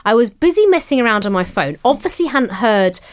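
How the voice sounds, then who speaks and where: A woman's voice: a little high, big pitch swings, fairly quick. A woman in her thirties from Hertfordshire co-hosting a podcast, telling stories in a chatty, giggly way with lots of restarts. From Hertfordshire, England. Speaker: podcast co-host. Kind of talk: casual chat.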